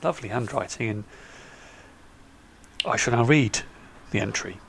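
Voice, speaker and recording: Gravelly man, noisy recording. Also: mid-range voice, normal speed, fairly bright tone. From England. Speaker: podcast co-host. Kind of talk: casual chat.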